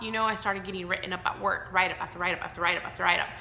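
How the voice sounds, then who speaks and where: A woman's voice: on the low side, fairly even intonation, very fast, vocal fry, few pauses, sharp tone, echoey room, a little hiss or hum. A woman in her thirties telling her own story to camera, candid and emotional, rambling with fillers. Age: 30s. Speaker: vlogger.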